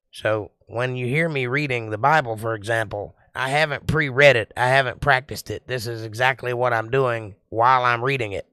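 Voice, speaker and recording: A man chats with his livestream viewers in a measured, lilting sing-song cadence. His voice is bright and clean, and it is recorded dry and close on a desktop mic at home with no room echo. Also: medium pitch, clear, resonant tone. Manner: slow, deliberate, sing-song delivery. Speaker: livestream host. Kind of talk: casual chat reading viewer comments.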